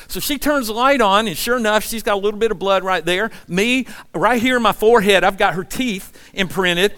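A man in his sixties preaching a sermon in a relaxed, conversational storytelling way, often asking the congregation questions. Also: sits high, brisk, hardly any pauses. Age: 60s. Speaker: pastor.

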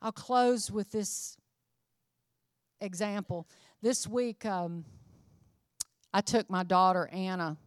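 A woman's voice: medium pitch, fairly even intonation, slow pace, pauses often, dry recording, studio quality. A middle-aged woman preaching a sermon, earnest and emphatic, building her phrases up to rises.

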